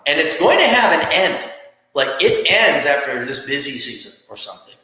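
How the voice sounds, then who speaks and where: A man's voice: a little high, very animated, moderate pace, pushed and bright. A man hosting a podcast, giving blunt, profane career advice in a casual rant. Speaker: podcast host. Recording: echoey room with long reverb.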